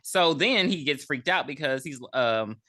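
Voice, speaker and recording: A co-host on a casual movie recap podcast who talks expressively and swears freely, jumping into quick character voices. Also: mid-range voice, animated, pushed and bright, no echo.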